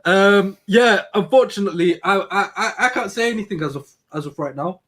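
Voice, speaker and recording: A man's voice: high voice, brisk, fairly bright tone. A young man co-hosting a casual advice podcast, laughing often and stumbling over his words as he teases. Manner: laughs often, stammers and restarts, playful teasing. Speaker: podcast co-host.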